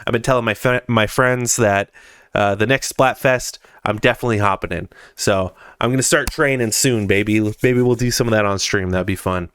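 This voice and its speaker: A man's voice: on the low side, moderate pace, fairly bright tone, a little hiss or hum. A young man hosting a podcast, chatting casually and enthusiastically about gaming news, with frequent fillers. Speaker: podcast host.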